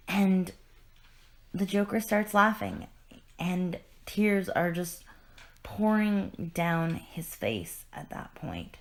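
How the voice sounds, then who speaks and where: A woman's voice: lowish voice, lively intonation, slow pace. A woman hosting a podcast, retelling a comic in an earnest, emotional way with many restarts. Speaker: podcast host. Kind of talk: casual comic discussion.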